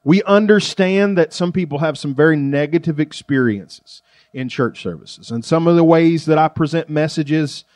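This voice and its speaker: Folksy pastor, dry close sound. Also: male voice, fairly high pitch, normal speed, a little mellow, no echo. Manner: folksy, joking, conversational preaching. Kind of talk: sermon. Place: church.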